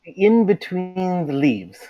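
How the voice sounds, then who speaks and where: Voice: mid-range voice, big pitch swings, slow, dark tone, muffled recording. A tabletop player speaking in character with jokey self-mockery. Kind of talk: in-character tabletop role-play.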